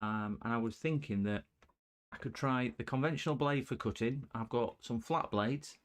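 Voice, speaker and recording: A man's voice: medium pitch, normal speed. A man chatting casually and cracking puns to viewers while he works on a live stream repair. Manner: chatty, joking with chat viewers, punny. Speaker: livestream host repairing electronics.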